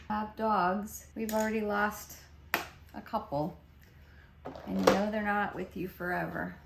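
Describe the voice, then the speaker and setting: Casual woman beauty vlogger, middle pitch, rambling chatty delivery, echoey room. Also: vocal fry, noisy background. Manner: chatty, rambling, with repeated restarts. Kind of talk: casual makeup vlog chat. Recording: roomy echo.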